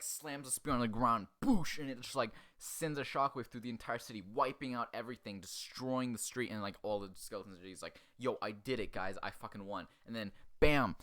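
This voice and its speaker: A man hosting a comedy show, recapping an animated film in a crude, sarcastic way and acting out the characters in quick asides. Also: fairly low pitch. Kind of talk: profane comedic movie recap.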